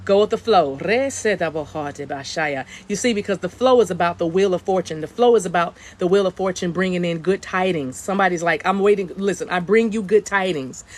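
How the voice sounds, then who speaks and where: A woman's voice: on the low side, fast talker, hardly any pauses. A woman hosting a livestreamed spiritual reading from her outdoor deck. She chats casually, repeats her phrases and drops into chanted light language. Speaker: spiritual reader.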